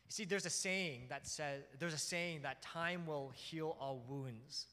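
A man preaching a sermon as pastor, telling family stories with lively acted-out scenes. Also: a little high, unhurried, hardly any pauses, big-room sound. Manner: animated storytelling, acts out scenes.

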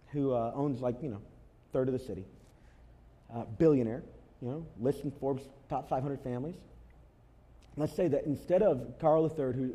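A man preaching a sermon to his congregation as pastor, telling an animated story and driving points home with emphatic repetition. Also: medium pitch, husky. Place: church before a congregation.

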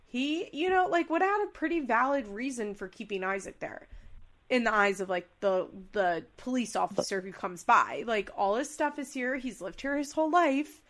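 A young woman co-hosts a podcast, casually recapping a reality show and acting out quoted lines in big voices. Her voice is fairly high and a bit bright, at normal speed.

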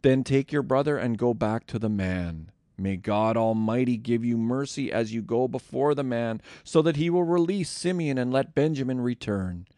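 A man's voice: medium pitch, moderate pace, few pauses, dark tone, dry recording, clean studio sound, natural voice. A man reading the part of a grieving white-haired old father in a scripture reading, with a raised, pleading delivery. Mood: resigned.

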